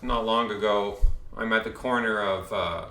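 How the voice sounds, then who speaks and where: A man talks through a casual monologue that rambles and often restarts mid-phrase. His voice is bright and forward. A roomy echo sits around it. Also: fairly low pitch, normal speed. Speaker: commentator vlogger.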